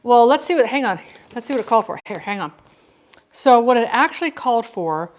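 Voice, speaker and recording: A woman's voice: on the high side, expressive, brisk. A woman hosting a casual cooking livestream from her home kitchen, chatting with viewers by name and often restarting her sentences.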